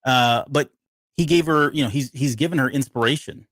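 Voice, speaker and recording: A man of middle pitch co-hosts a relaxed live podcast chat, thinking aloud in long loose runs and trailing off as he searches for words. His voice sits close and dry on the mic, with no room sound around it. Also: fairly quick, no room sound. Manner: rambling, often loses the word he wants. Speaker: podcast co-host. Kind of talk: casual live TV-show breakdown chat.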